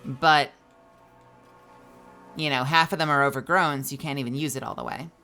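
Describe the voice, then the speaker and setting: A woman's voice: low-pitched, steady tone, normal speed, pushed and bright, soft background music. A woman streamer chatting casually over her gameplay, rambling and jokey and laughing often.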